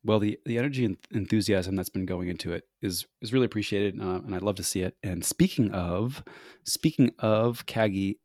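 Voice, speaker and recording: A man's voice: fairly low pitch, fairly quick, darkish tone, dry recording, clean studio sound. A man hosting a podcast, chatting casually and playfully with a guest. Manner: playful, jokey, laughs often. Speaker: podcast host.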